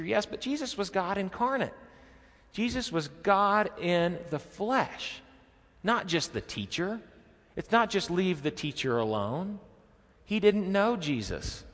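A male pastor preaching a sermon expressively, dropping his voice low and quiet when he quotes someone. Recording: long hall reverb.

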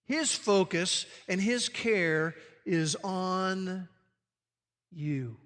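A man preaching a sermon, swinging from loud declarations to hushed, emphatic words. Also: high-pitched, moderate pace, big-room sound.

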